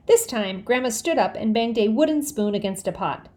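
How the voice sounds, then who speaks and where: A woman reading a children's book aloud in a lively, expressive way. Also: fairly high pitch, moderate pace. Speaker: audiobook reader.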